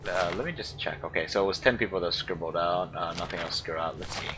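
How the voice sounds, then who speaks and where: A man's voice: deep voice, quick pace, noisy background. A man giving casual let's-play commentary, thinking aloud and often unsure, musing over how to pronounce words.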